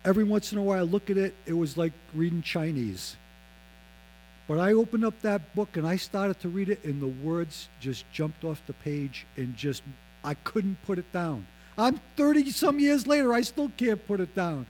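A man in his fifties telling a personal faith testimony, acting out the voices of others and dropping low and slow on solemn lines. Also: lively intonation, a little mellow, rough recording. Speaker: speaker giving his testimony.

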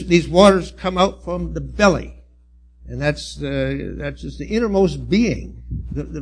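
Earnest gravelly-voiced male preacher. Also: on the high side. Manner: earnest, halting, with restarts and emphatic swells. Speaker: church elder preaching. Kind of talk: sermon.

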